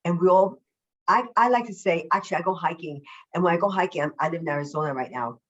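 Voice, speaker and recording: Effusive upbeat woman, low voice, dull audio. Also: fairly bright tone. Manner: deliberately slowing her usual fast speech. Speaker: self-love coach, podcast guest. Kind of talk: casual podcast interview.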